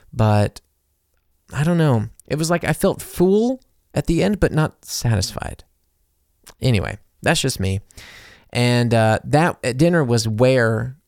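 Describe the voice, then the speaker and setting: Chatty young man, gravelly voice. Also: mid-range voice, no room sound, studio quality. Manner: chatty, animated, lots of fillers and acted-out quotes. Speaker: podcast host. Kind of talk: casual storytelling monologue.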